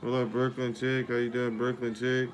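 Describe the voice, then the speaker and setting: A man's voice: mid-range voice, flat delivery, normal speed, slight background noise. A man hosting a casual livestream, greeting and thanking viewers by name over and over. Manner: repetitive shout-outs and thanks to viewers. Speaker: livestream host. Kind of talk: casual live-stream chat.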